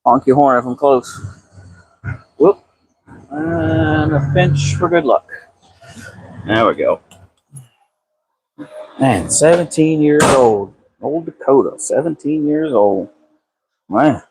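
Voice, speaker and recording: Relaxed man chatting in his garage. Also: fairly high pitch, slow, long pauses, background noise. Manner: relaxed, drawling, swears freely, answers chat by name. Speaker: car builder live-streaming a transmission repair. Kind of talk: casual live-stream chat with viewers. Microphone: phone camera.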